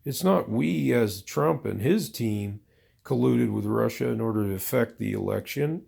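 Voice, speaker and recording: A man mimicking a defensive political spokesperson in a high, flustered, dismissive voice. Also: a little slow, vocal fry, a little mellow, husky, full character voice. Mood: flustered denial.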